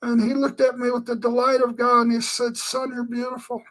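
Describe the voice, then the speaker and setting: Speaking fairly quickly in a very high, monotone voice with a fairly bright tone, this Christian man shares his earnest personal testimony. The story wanders, padded with many filler phrases, over a rough recording.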